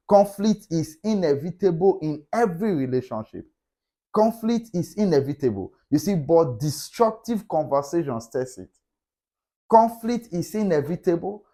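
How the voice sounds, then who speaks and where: Here a middle-aged man with a medium-pitched, slightly mellow voice talks about relationships to motivate his listeners. Key points come back again and again, delivered emphatically like a preacher.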